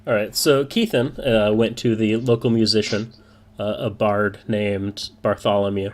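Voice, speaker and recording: A man running a tabletop roleplaying game as dungeon master, talking in a relaxed, joking way with many fillers. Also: on the low side, moderate pace.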